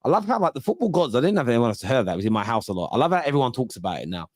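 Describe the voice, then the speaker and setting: Chatty fan-show host, dry sound. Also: male voice, mid-range voice, sing-song, no room sound. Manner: chatty, quick restarts, mock-exasperated asides. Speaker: football fan channel host. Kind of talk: casual live chat reading fan comments.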